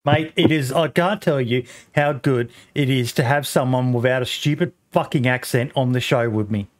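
A man's voice: medium pitch, normal speed. An Australian man hosting a casual podcast, talking bluntly with plenty of swearing and ums. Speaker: podcast host.

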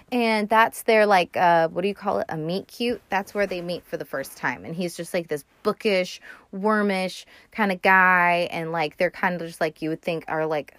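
A woman's voice: on the low side, a bit bright, no room sound. A woman hosting a podcast in casual chat, retelling a movie in a rambling, profane way full of fillers. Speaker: podcast host.

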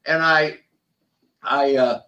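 An older man tells stories in an animated interview, stumbling over restarts and repeated words. His voice sits a little high for a man. He sounds slightly distant from the microphone. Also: takes it slowly, muffled recording. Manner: animated storyteller, frequent restarts and repetitions. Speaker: podcast guest, former football player and business founder. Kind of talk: conversational interview storytelling.

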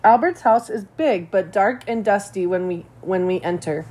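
Woman reader, steady measured audiobook narration of a children's novel. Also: medium pitch. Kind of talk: reading a children's novel aloud.

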